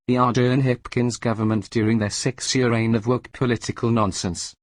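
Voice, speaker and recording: A New man reads out a scripted political rant, his tone indignant and mocking. His voice sits at an ordinary middle pitch, and the recording is dry with no room sound. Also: dry recording. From New Zealand. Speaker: political commentator. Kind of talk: scripted opinion monologue.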